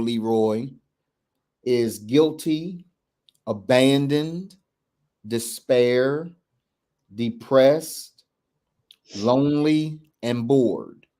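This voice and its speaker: A man's voice: mid-range voice, very slow, warm tone, clear, resonant tone. A man, a men's coach hosting a candid talk, earnest and reflective, often restarting and checking in with "right?". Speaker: men's coach and podcast host.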